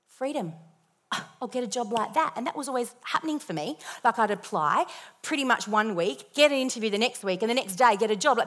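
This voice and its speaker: Bright-voiced woman telling a testimony. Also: mid-range voice. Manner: lively, expressive storytelling with self-deprecating humor. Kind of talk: personal testimony in a sermon.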